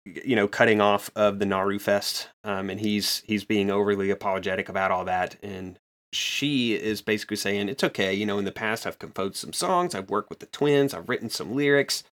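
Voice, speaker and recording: A man's voice: on the low side, moderate pace, fairly bright tone. A man chatting casually on a podcast, retelling manga scenes with enthusiasm and rambling asides. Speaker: podcast co-host. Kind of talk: casual chat recapping a manga.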